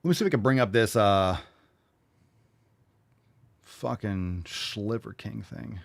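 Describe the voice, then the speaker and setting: A man's voice: lowish voice, lively intonation, slow, vocal fry, no room sound. Profane ranting male host, dry sound. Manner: blunt, profane, mocking. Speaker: host reacting to videos. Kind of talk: ranting reaction commentary.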